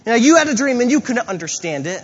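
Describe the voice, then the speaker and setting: High-voiced man preaching in a hall. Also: fast, breathy edge. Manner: storytelling with animated quoted asides. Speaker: pastor. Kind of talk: sermon. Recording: reverberant hall, dull lo-fi sound.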